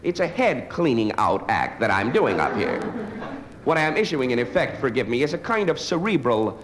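A man's voice: medium pitch, big pitch swings, normal speed. A man doing a live stand-up routine, with a dry, wry delivery broken by hesitant fillers. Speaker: stand-up comedian. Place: stage before a live audience. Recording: noisy live stage recording.

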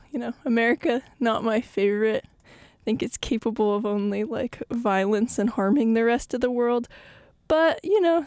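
Young female radio host, breathless, casual and chatty, crisp dry voice. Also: fairly high pitch, a little mellow, dry recording. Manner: chatty, rambling, many ums. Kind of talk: casual live radio talk. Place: radio studio.

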